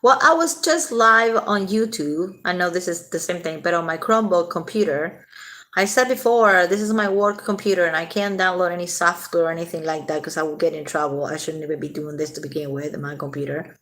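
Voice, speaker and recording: A woman's voice: on the low side, brisk, fairly bright tone. A woman hosting a casual late-night livestream, chatting with viewers, answering their comments and swearing freely.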